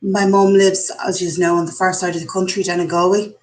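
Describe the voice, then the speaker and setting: A woman's voice: lowish voice, little pitch movement, a little fast, a little mellow, low-quality recording. Candid chatty Irish woman in her forties. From Ireland. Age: 40s. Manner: candid and chatty, thinking aloud. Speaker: vlogger hosting a live stream. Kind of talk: casual live chat. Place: home kitchen. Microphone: computer mic.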